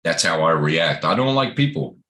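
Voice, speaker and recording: A very deep-voiced man with a Southern American drawl talks in a relaxed, casual way. His stories come out blunt and full of swearing. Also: moderate pace, a little hiss or hum. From Southern United States. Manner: blunt, profane storytelling. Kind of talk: casual chat.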